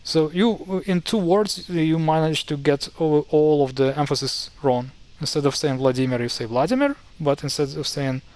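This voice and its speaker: Wry man explaining pronunciation, slightly high voice. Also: steady tone, moderate pace, hardly any pauses, darkish tone. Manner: wry, mildly exasperated, many fillers and restarts. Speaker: language explainer. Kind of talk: casual screen-share tutorial.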